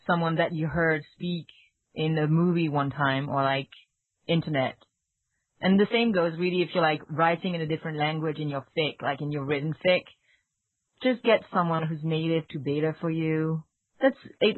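A woman with a strong French accent, co-hosting a casual chat and talking in halting bursts with restarts. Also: sits low, no echo. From France. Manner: halting, many restarts and fillers. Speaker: podcast co-host. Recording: tinny phone-like line, dry.

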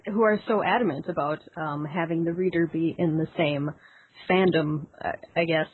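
A woman's voice: sits low, normal speed, husky, no room sound. A woman who reads fan podcasts, chatting casually and laughing easily. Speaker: podcast reader. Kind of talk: casual chat. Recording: dry phone-like audio.

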